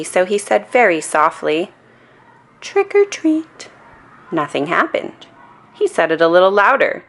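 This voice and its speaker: A woman reading a children's storybook aloud in a calm, soothing bedtime manner. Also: fairly low pitch. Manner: calm, soothing reading with playful character voices.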